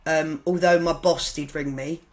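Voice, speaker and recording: A woman's voice: low voice, steady tone, moderate pace, poor audio. A woman talks as a podcast guest, telling her story casually and frankly. She rambles and backtracks often and corrects herself, with blunt humour and the odd swear word.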